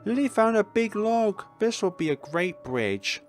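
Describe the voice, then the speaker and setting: Man doing a timid little girl, high squeaky voice, loud, music behind. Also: very animated, a little slow. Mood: proud. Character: small frightened little girl, timid and eager.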